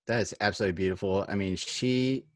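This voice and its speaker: Low-voiced reflective male host. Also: quick pace, dry recording, studio quality. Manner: reflective, affirming. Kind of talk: casual interview.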